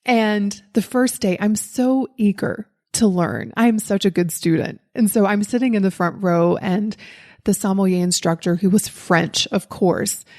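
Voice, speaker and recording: A woman with a Southern US accent talks into a podcast microphone. She tells her own story in an easy, candid way and pokes fun at herself. Her voice sits at an everyday middle pitch. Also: a little slow, a little mellow. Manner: candid and self-deprecating, laughs at herself. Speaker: podcast host. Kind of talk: personal storytelling monologue.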